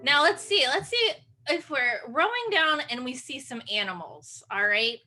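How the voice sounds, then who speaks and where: A woman's voice: high voice, animated, normal speed, sharp tone, faint music behind. A woman leading an online children's sing-along, speaking in a playful, encouraging way with gasps and animal noises over a video call.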